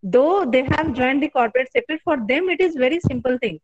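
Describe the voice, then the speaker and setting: A woman's voice: high voice, lively intonation, fairly quick, lo-fi sound. A woman in her forties from Bihar with an Indian English accent, giving an online class as a professor. She talks conversationally, fills with "you know", and checks in with students. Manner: conversational, many "you know" fillers, asks students questions.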